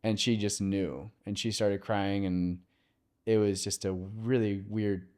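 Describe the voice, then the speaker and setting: A man who is a podcast guest and mortgage lender, telling a personal story in an open, conversational way with filler pauses. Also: on the low side, fairly even intonation, darkish tone.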